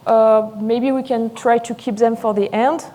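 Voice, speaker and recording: A French-accented woman in her forties gives a live lecture, her words tumbling out quickly with eager excitement. Her voice is mellow and warm rather than bright. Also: a little high. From France. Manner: fast, excited, talkative. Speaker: sommelier lecturer.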